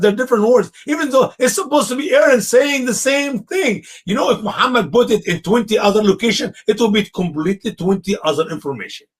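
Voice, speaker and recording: Male guest, husky and high-pitched, lively sing-song delivery, emphatic and mocking. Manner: emphatic, mocking, with fillers and restarts. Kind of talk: casual debate chat.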